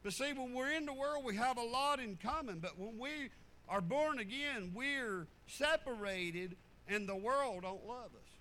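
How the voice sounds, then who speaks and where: A man preaching a folksy sermon, swinging from fervent loud passages to low muttered asides. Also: animated, measured pace, a little hiss or hum, rough recording.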